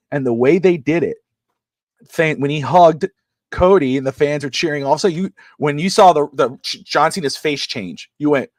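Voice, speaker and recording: A man co-hosting a sports talk show, chatting casually in an excitable, rambling way and often restarting his sentences. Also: fairly high pitch, dry recording, clean studio sound. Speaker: sports podcast co-host.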